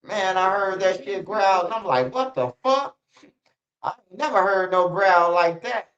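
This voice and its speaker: A man's voice: high voice, fairly even intonation, normal speed, fairly bright tone. Rambling man on a lo-fi stream. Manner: loose, rambling, swears often. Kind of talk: casual livestream commentary. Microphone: streaming setup. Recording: slightly dull lo-fi stream audio.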